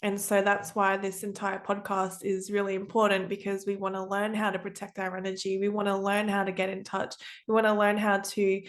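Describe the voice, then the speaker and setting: A woman's voice: medium pitch, completely flat delivery, fairly quick, hardly any pauses. Earnest upbeat woman podcast host. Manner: earnest, upbeat, uses fillers. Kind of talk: casual podcast interview.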